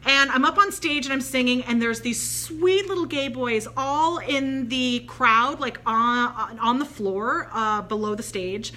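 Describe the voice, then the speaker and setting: A woman's voice: fairly high pitch, measured pace, hardly any pauses. A woman telling a spiritual story in a casual, chatty way, acting out the voices of the people in it. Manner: chatty, animated, quotes voices in her anecdotes. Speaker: spiritual channeler.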